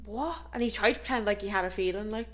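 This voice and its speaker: A young woman from Dublin with a Dublin Irish accent, co-hosting a podcast, reacting quickly and retelling stories in casual chat. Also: medium pitch, crowd noise. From Dublin, Ireland. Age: young adult. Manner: laughs easily, quick reactions, animated retelling. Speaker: podcast co-host.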